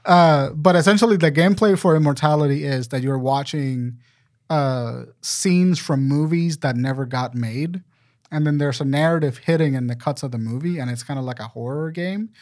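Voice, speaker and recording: A man's voice: fairly high pitch, normal speed, a little mellow. A man chatting casually with friends about video games, rambling and swearing now and then. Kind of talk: casual chat.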